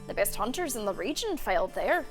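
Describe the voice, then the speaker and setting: A woman voicing a proud, boastful lone male hunter in a game, with a put-on Irish accent and a self-assured, slightly lowered voice. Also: sing-song, brisk, soft background music. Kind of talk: reading game dialogue aloud.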